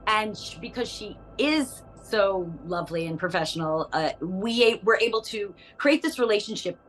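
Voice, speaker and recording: A woman, an actress, chatting in an interview and telling lively anecdotes with frequent laughter. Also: mid-range voice, normal speed, poor audio. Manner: animated storyteller who laughs often and acts out voices. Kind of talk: casual interview chat.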